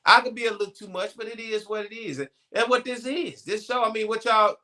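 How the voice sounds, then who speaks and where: Bright, high-voiced man in loud sports banter. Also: a little fast. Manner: loud, joking, swears freely. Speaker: sports co-host and radio host. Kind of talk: casual sports talk.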